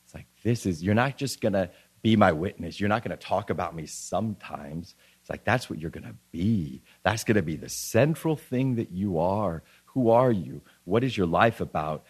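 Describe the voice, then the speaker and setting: A man's voice: low voice, animated, moderate pace, husky. A man preaching a sermon in an earnest way, often restarting and repeating phrases as he reads scripture aloud.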